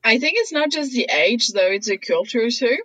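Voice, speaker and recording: A woman's voice: on the high side, lively intonation, moderate pace, fairly bright tone, dry recording, low-quality recording. A woman whose first language is French, chatting as a guest and telling stories with frequent laughter. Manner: chatty storyteller, laughs often. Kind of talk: casual conversation.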